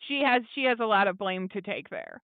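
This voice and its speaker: A woman's voice: medium pitch, animated, dry recording. A woman co-hosting a podcast, recapping a TV episode in casual chat, chatty with lots of fillers and laughs. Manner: chatty, laughing, many fillers, quotes characters in quick asides. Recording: thin phone-like dry audio.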